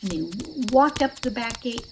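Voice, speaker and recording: A woman telling a children's Bible story aloud, asking her listeners questions and acting out the characters' shouts. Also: a little high, lively intonation, moderate pace, noisy background.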